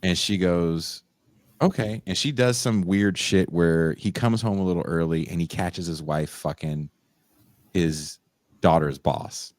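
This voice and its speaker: This podcast co-host has a very low, deep voice and retells a story in casual chat with animated energy, breaking into sudden high shrieks as he acts out quotes. He keeps a measured pace, and the sound is dry, close to the mic, with no echo.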